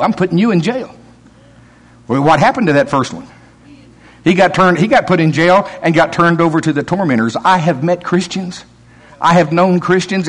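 A man's voice: fairly high pitch, a bit bright. A man preaching a sermon, telling stories with acted-out quotes and chuckles.

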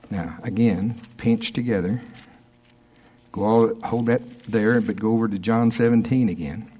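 Male pastor, low husky voice, relaxed conversational preaching, chuckles between points. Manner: conversational preaching, laughs often, slows to stress scripture. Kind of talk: sermon.

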